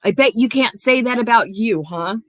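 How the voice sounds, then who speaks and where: A slightly high-voiced woman, speaking at a moderate pace, rants on her livestream, naming and confronting people with plenty of profanity. The recording is dry.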